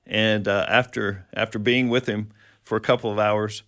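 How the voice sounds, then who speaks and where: A man's voice: fairly low pitch, level tone, normal speed, fairly bright tone, no echo, studio quality. A man co-hosting a conversational Bible teaching, explaining verses and asking questions. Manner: explanatory, quotes scripture, asks questions.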